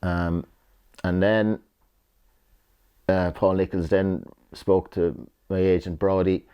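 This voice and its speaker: A man's voice: sits low, level tone, slow, clear, resonant tone, highs cut off. A middle-aged Irish man, a retired jockey, rambling through memories in a casual interview, repeating himself and swearing freely. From Ireland.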